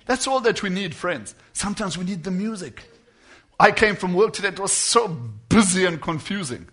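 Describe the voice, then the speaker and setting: Soft music plays in the background as a high-pitched, animated man preaches to his congregation. He shifts between quiet and loud passages, slowly stretching words for emphasis.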